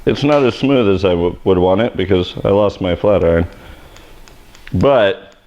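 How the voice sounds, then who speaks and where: A man's voice: sits low, animated, moderate pace, darkish tone, dull audio. A man hosting a live haircutting tutorial, joking and rambling in a self-deprecating way while he cuts. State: sweaty. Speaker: hairstylist host. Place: hair salon education studio.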